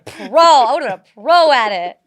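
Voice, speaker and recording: A woman in her thirties, a comedian guest on a podcast, telling stories in a lively way with many fillers. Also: high-pitched, normal speed. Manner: animated storyteller, many "like" fillers. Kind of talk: casual podcast interview.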